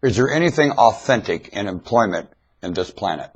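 Husky guy rambling on a webcam, voice jumps all over, trips on his words. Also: fairly low pitch, lively intonation, brisk, lo-fi sound. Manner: rambling, repeats himself, stammers on I. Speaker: webcam vlogger. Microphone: webcam mic.

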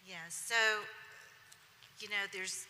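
A woman reflects slowly and carefully, with the odd filler as she thinks. Her voice is very bright and forceful. It echoes through a large hall over a faint hiss. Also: medium pitch, steady tone. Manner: measured and reflective, with filler words. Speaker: panelist, senior civilian leader. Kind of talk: reflective panel talk.

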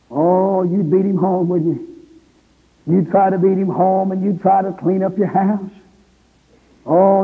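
A middle-aged man, an evangelist, preaching a revival sermon in an impassioned, pleading way with a gravelly, husky voice. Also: sits high. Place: church revival service. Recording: tinny, echoey old sermon tape.

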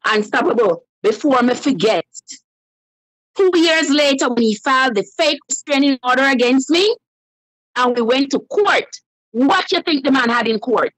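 A woman tells her story on a call-in show in a high, animated voice. She slips into the voices of the people she quotes. The sound is dry and close. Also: normal speed, no echo, poor audio. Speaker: caller. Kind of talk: telling a personal story on a live call-in show.

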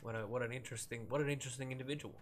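A young man streaming a video game, casually joking and reacting out loud to what happens on screen. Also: medium pitch, steady tone, racing, slight background noise. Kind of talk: let's-play commentary.

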